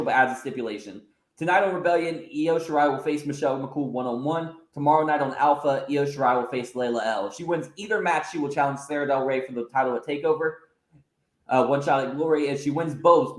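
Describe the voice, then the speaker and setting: A man in a casual podcast narration, telling wrestling storylines and often pausing on filler sounds. His voice sits at a middling pitch, and the room gives it a noticeable echo. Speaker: podcast host. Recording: roomy echo.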